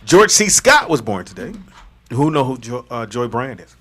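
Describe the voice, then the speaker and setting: A man's voice: medium pitch, normal speed. A man co-hosting a loose comedy talk show, teasing guests and joking through celebrity birthdays. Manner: joking, teasing, animated delivery. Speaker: co-host.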